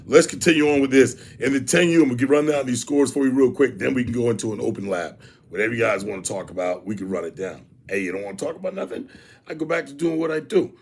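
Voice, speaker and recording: A man hosting a youth sports show in casual live-stream chat, animated, repeating phrases and shouting out viewers by name. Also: medium pitch, fast, husky.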